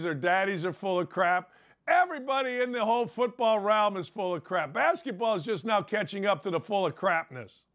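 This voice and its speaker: With a high, somewhat bright voice, an older man rants on his sports radio show, offering a brash, sarcastic, rambling monologue full of sports opinions.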